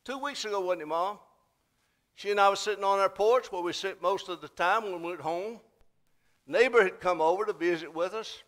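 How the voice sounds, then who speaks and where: High-voiced folksy preacher. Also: male voice, brisk, a bit bright. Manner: folksy storytelling preacher, rising to emphatic exhortation. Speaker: pastor. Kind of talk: sermon. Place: church sanctuary.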